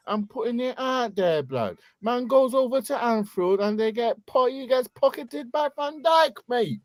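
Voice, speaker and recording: A young man with a London accent, co-hosting a football podcast and mocking players in slangy, animated banter. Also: extremely high pitch, normal speed, few pauses, no room sound. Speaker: podcast co-host.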